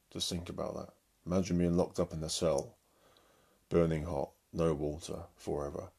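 A man's voice: deep voice, flat delivery, brisk, dark tone. A man preaching as an evangelist in a blunt, combative monologue to his listeners.

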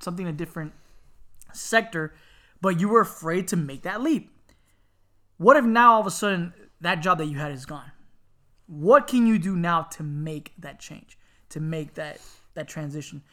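A man co-hosting a casual podcast, an animated storyteller who jokes around and slips into loud laughing impressions. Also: high-pitched, moderate pace. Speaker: podcast co-host.

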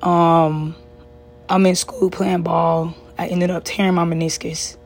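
A woman's voice: fairly low pitch, level tone, measured pace, a little hiss or hum. A young woman earnestly telling a personal story in a conversational way, with many fillers and restarts.

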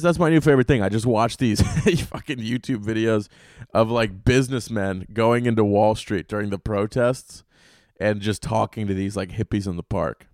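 A man hosting a podcast in a casual monologue, rambling and swearing through animated stories. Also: mid-range voice, no room sound, clean studio sound. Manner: profane, rambling, animated storytelling. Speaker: podcast host.

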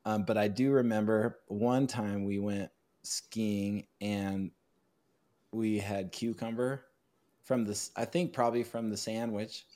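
A man's voice: fairly low pitch, fairly even intonation, measured pace, mellow. A man hosting a casual podcast chat, easygoing and friendly as he recalls shared moments. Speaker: podcast host.

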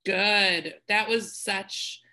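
A woman with a very bright, forward tone, chatting casually. She talks in a lively, emphatic way, with her pitch in a middle range. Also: drawn-out words. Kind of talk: casual chat.

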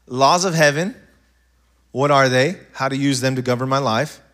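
A pastor delivers a sermon to his congregation, swinging between quiet asides and loud, animated outbursts while telling loosely structured stories full of restarts. His voice is mid-range and his speed normal.

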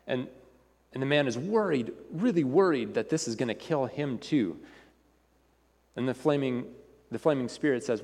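A man's voice: medium pitch, lively intonation, normal speed, pauses often, darkish tone, long reverb tail. A man preaching a sermon in an earnest, repetitive way, often restarting his phrases.

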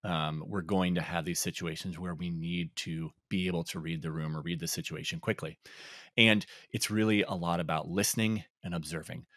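Deep-voiced man chatting on a podcast. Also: moderate pace, no echo, studio quality. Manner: relaxed, reflective, frequent ums and laughs. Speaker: podcast co-host. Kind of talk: casual chat.

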